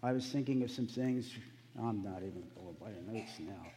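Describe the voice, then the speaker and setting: A man giving a sermon in a relaxed, conversational storytelling manner. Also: fairly low pitch, normal speed, long reverb tail, a little hiss or hum. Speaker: preacher.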